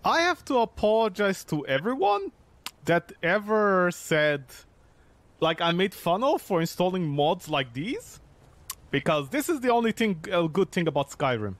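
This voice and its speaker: Man, streamer, gameplay commentary, very high voice, angry swearing rant, exasperated questions. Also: sing-song, measured pace.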